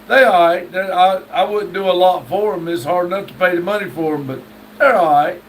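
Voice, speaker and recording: A man's voice: high-pitched, a little fast. A man hosting a live stream, reading viewer messages aloud and answering them with wry jokes. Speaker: livestream host. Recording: distant mic with faint background noise.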